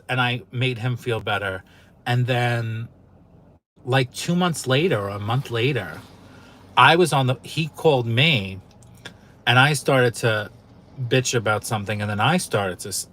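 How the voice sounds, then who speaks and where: A man's voice: medium pitch, measured pace, bright, forceful tone. Man, channel host; loose vlog storytelling, candid and emotional, swears freely.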